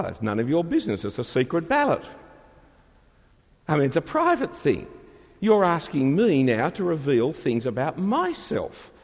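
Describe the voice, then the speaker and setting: A man's voice: on the high side, darkish tone, husky. A man preaching a sermon, emphatic and rhetorical, asking his listeners questions. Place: church. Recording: long reverb of a large hall.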